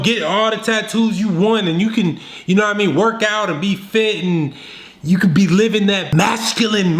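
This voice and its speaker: A man making a dating advice video, talking straight to the viewer in a slangy, scolding, animated way. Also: high voice, echoey room. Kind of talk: direct-to-camera coaching.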